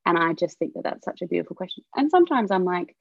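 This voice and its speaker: A woman guest on a podcast, a miscarriage and abortion coach, speaking openly and warmly about her own experience. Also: lowish voice, sing-song, fast talker, creaky, no echo, highs cut off. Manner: open, heartfelt, sharing personal experience. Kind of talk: candid podcast conversation.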